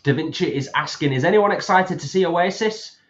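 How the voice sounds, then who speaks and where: This livestream co-host chats casually, reads viewer comments out loud, and laughs a lot. His voice is a little high and his pace brisk, with lo-fi sound quality.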